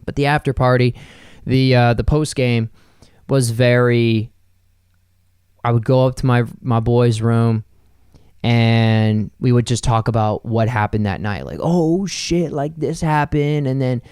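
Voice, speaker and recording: A man's voice: mid-range voice, steady tone, unhurried, long pauses, darkish tone, clear, resonant tone, no room sound, clean studio sound. A young man hosting his own podcast, telling loose, rambling stories with lots of fillers and the odd swear word. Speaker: podcast host. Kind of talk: casual solo podcast monologue.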